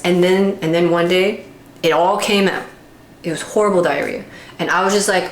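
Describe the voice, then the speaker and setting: A woman's voice: on the low side, steady tone, moderate pace. A woman talking candidly in a casual vlog monologue, animatedly acting out her own inner voice. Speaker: vlogger. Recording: echoey room with faint background hiss.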